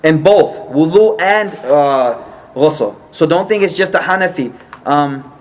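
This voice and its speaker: High-voiced man teaching a study class. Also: expressive. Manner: explains patiently, checks the group often, slows for key points. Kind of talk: informal religious study class.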